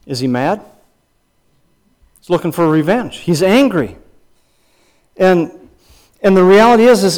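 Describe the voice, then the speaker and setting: A man's voice: a little high, darkish tone. A man preaching a sermon as a pastor and counselor, emphatic, with repeated phrases and rhetorical questions.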